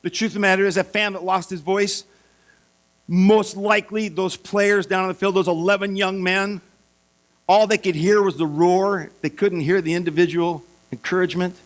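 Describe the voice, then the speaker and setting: A man preaching a sermon, telling Bible stories in a lively way and acting out the voices of the figures. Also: sits high, moderate pace. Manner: lively storytelling, acts out voices for biblical figures. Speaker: pastor.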